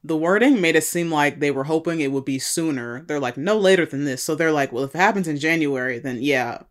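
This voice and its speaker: A woman's voice: low-pitched, fairly quick. A young woman, chatting casually, laughing and acting out quotes. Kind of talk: casual podcast chat.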